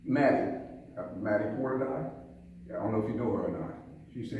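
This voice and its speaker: The speaker, an older man from the American South, has a lowish, slightly mellow voice with lively intonation, a brisk pace, and frequent pauses. As a police chief he gives a folksy talk in a museum hall full of people, telling stories, using homespun sayings, and asking the audience questions; the distant mic catches echo and faint room noise.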